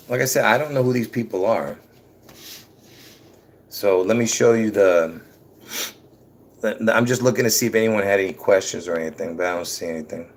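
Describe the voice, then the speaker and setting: A man hosting a rambling religious livestream, repeating himself and bursting into excited emphasis, his words a little slurred from dentures. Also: sits low, a little hiss or hum. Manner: chuckles at his own slips. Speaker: livestream host.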